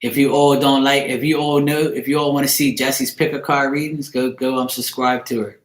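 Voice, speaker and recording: A man chatting on a casual tarot livestream, teasing and ribbing his viewers with an easy grin in his voice. His pitch sits in the ordinary middle, and the sound carries a roomy echo. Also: little pitch movement, normal speed. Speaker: tarot reader and streamer host.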